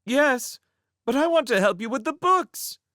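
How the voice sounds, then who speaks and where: A man voicing Charmaine, an earnest, excitable young woman in a storybook reading, pitched up high. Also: unhurried, no room sound, studio quality, heavily acted. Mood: eager.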